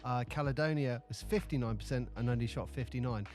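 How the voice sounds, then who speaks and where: A man co-hosting a podcast, telling stories in a rambling, animated way with many restarts. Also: mid-range voice, a little fast, soft background music. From United Kingdom. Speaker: podcast co-host. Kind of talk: casual chat.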